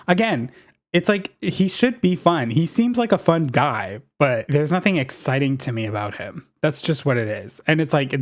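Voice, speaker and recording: A man talking through a video game in a chatty, gossipy way. He gets excited easily and keeps a running commentary going. His voice sits in a middle pitch. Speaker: gaming YouTuber. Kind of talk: casual gameplay commentary.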